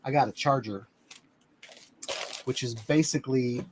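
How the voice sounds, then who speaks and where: A live-stream host reviewing drones talks at a measured pace in a medium-pitched voice. He rambles casually from a home studio as he holds items up to the camera, with slight background noise audible.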